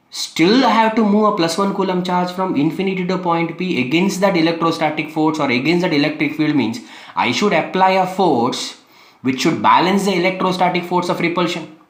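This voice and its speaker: A man's voice: sits high, moderate pace, roomy sound. A man teaching a physics lesson, repeating key phrases with emphasis and asking rhetorical questions. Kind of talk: classroom lecture.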